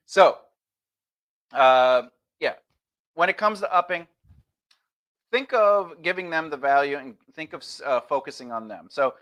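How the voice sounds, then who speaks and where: Bright-voiced man giving a casual lesson. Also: fairly high pitch, lively intonation, unhurried, pauses often, muffled recording. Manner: loose, chatty, acts out example replies. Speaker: streamer teaching conversation skills.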